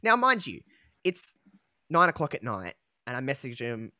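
A young man talks through a deeply personal story on a podcast, candid and emotional, pausing on fillers and restarts. His voice sits at an everyday pitch, recorded close and dry with no room sound around it. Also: wildly swooping pitch, pushed and bright, dry recording. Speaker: podcast host.

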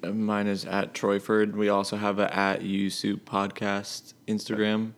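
A man's voice: on the low side, monotone, unhurried. A young man co-hosting a casual podcast, laid-back and sleepy, as if he just woke up. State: just woken up. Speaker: podcast co-host. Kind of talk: casual chat.

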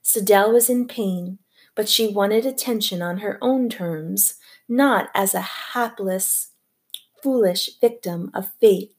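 Lady reading an audiobook, steady even storytelling voice, middle pitch. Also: slow. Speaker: audiobook narrator. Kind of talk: scripted narration.

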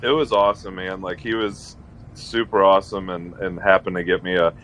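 A low-pitched man talks fairly quickly over a little background noise on a rough recording. He's a co-host of a laid-back sports podcast, an animated storyteller who leans on "like" and keeps laughing at his own jokes.

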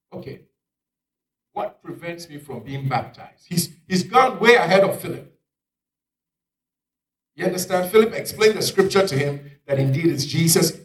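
Dramatic preacher with roomy echo. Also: male voice, fairly high pitch. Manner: dramatic, swings from loud exclamations to near-whispers. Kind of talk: sermon. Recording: echoey room, picked up from far off.

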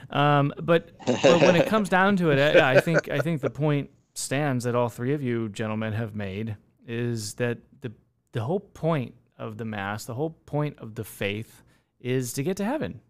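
A man hosts a livestream panel and sums up what his guests have said, adding wry asides. His voice is gravelly but smooth and resonant. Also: medium pitch, moderate pace. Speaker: host. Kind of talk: casual discussion on a livestream panel.

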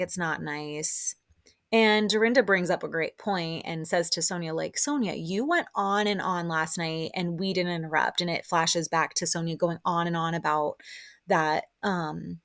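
A chatty woman recaps a reality show in a casual, exasperated way, jumping up into raised voices to act out what others said. Her voice sits fairly low, and the sound is dry and close, with no room around it. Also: fairly bright tone, dry recording.

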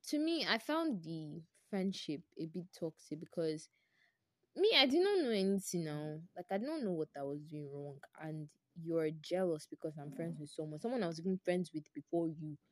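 Animated young Nigerian woman telling a story. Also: low-pitched, normal speed, dry recording. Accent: Nigerian English. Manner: animated, exclamatory, repeats herself for emphasis. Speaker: podcast host. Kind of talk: personal storytelling podcast.

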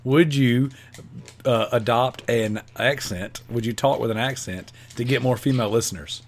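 A man's voice: mid-range voice, normal speed. A man co-hosting a podcast, reading listener questions and teasing the others, laughing often. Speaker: podcast co-host. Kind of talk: casual podcast banter.

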